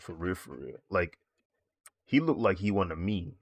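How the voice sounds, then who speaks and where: Casting note: laid-back male streamer who rambles and laughs often; deep voice, dry, close sound. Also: normal speed, no room sound. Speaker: streaming digital artist. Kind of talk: casual chat while drawing on stream.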